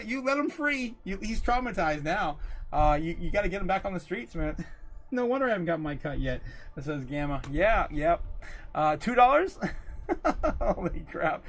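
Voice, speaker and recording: A man's voice: high-pitched, a bit bright. A man hosting a casual livestream, rambling loosely, reading viewer comments aloud and laughing often between lines. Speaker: livestream host.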